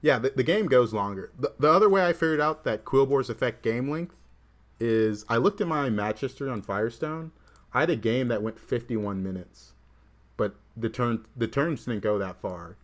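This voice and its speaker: Streaming a game, a Southern man with a medium-pitched voice keeps up animated, casual commentary at an ordinary pace. He's from the southern United States and leans heavily on "like" as a filler.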